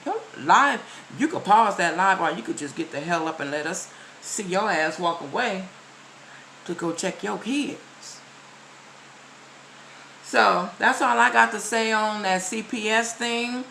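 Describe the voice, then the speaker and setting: A woman's voice: medium pitch, a bit bright, a little hiss or hum, rough recording. A woman vlogger talking straight to her viewers in casual commentary, emphatic and repeating her key phrases as she lectures them. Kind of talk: casual direct-to-camera commentary.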